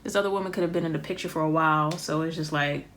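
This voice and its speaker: A woman giving a casual tarot reading, rambling and thinking aloud with frequent pauses and ums. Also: deep voice, fairly even intonation, a bit bright, slight background noise. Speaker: tarot reader.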